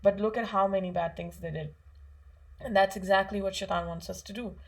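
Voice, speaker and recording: A woman's voice: mid-range voice, steady tone, brisk, creaky. A woman giving a children's religious lesson in a chatty way, asking her young listeners lots of questions with frequent fillers. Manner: asks kids questions, conversational, many fillers. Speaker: Islamic studies teacher for children.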